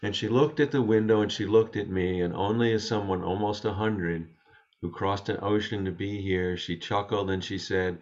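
Male guest, low voice, gentle reflective storyteller, dull lo-fi remote sound. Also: fairly even intonation, moderate pace. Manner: gentle, thoughtful, with frequent restarts. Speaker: interview guest. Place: home study.

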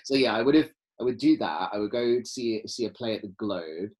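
A man co-hosting a podcast, chatting casually and spinning animated, rambling stories. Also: fairly low pitch, fairly quick, husky. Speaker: podcast co-host. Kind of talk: casual chat.

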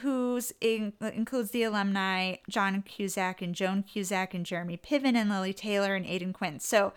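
A woman's voice: medium pitch, steady tone, normal speed, smooth. A woman co-hosting a podcast in casual chat, chatty and reading out actor bios. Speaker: podcast co-host.

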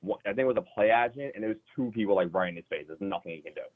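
A man's voice: fairly low pitch, racing. A man calling in to a casual sports chat, rambling in loose slang. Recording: tinny phone-like line.

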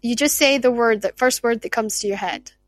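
Woman podcast host, raised pitch, dry close sound, chatty and effusive. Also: fairly quick, dry recording. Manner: chatty, effusive, laughs easily. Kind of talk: casual interview chat.

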